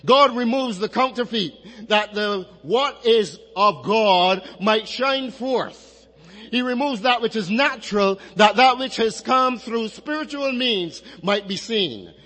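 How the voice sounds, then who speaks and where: A man with a notably high voice preaches in a measured, emphatic way, stretching out key phrases as he works through scripture. His words ring out into a long, echoing hall. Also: expressive, a bit bright. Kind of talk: expository sermon.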